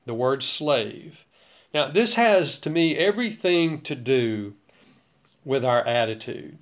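A man preaching a sermon, teaching in a measured, emphatic way with rhetorical questions. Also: mid-range voice, animated, muffled recording.

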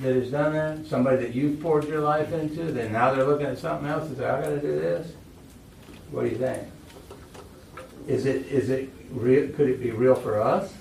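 A man's voice: medium pitch, creaky, slight background noise. A male pastor preaching a sermon, telling stories and asking his congregation questions. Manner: storytelling, asks the congregation questions. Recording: echoey room, voice from far off.

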